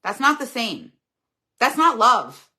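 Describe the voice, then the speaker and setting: A woman's voice: on the high side, very animated, slow pace, sharp tone. A middle-aged woman hosting a casual live chat, reading viewers' comments aloud and answering them earnestly and candidly.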